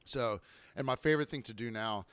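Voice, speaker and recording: A young man hosting a podcast, ranting profanely about bartending and customers, now and then mimicking them in a higher voice. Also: brisk, fairly bright tone, clear, resonant tone, dry recording. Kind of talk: casual podcast rant.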